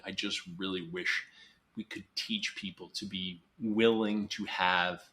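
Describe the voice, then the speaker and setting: A psychologist guest in a podcast interview, talking earnestly and emphatically, sometimes acting out quoted voices. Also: male voice, low-pitched, pushed and bright.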